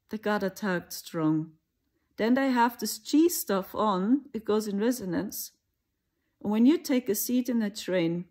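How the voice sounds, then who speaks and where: A woman's voice: mid-range voice, darkish tone. A woman from Germany with a German accent, talking in a rambling, conversational monologue for her own channel. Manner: rambling, conversational, with mocking asides. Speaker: spiritual channel host. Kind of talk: casual spoken monologue.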